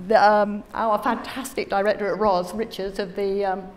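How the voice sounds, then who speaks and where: A woman giving a conference keynote, animated and chatty, laughing through asides to the audience. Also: medium pitch, normal speed, slight background noise. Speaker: plenary conference speaker. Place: large conference hall. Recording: echoey hall with faint room ambience.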